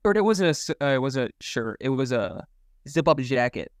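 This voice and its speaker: Smooth-voiced young comedian, animated. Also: male voice, medium pitch, fairly quick, no echo, clean studio sound. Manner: animated, laughs often, rambling storytelling. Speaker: comedian guest. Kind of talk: casual podcast chat.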